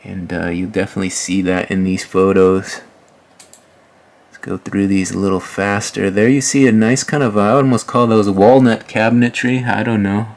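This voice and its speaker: Guy with a low voice, flat and easygoing, chatting his way through a house tour. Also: normal speed. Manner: chatty, folksy, with asides to viewers. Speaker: host. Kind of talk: casual voice-over of a house tour.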